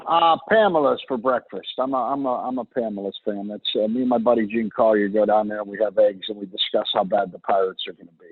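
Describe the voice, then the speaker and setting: Middle-aged Pittsburgh-accented man, husky joking co-host, dry tinny phone-line sound. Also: fairly low pitch, fast, few pauses, no echo. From Pittsburgh, USA. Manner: joking, rambling with restarts. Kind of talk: casual chat. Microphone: remote video call.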